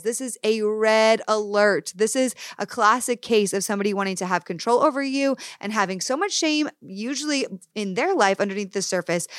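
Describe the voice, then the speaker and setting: A woman's voice: mid-range voice, no room sound, clean studio sound. A young woman hosting a solo podcast, speaking earnestly and emphatically, addressing her listeners directly. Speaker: podcast host. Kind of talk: candid solo podcast talk.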